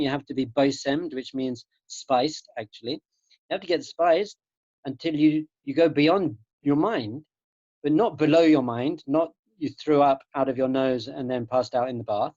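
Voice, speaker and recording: A man's voice: medium pitch, moderate pace, darkish tone, no echo. A man, a rabbi teaching students in an earnest, emphatic spiritual talk, often repeating his key phrases, heard over a video call. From England. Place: home room in Jerusalem. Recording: dull lo-fi online call audio.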